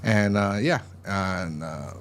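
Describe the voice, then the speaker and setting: A man with a deep, expressive voice speaks slowly as he hosts a casual TV episode review. He recaps the plot in a rambling way, often restarting his sentences.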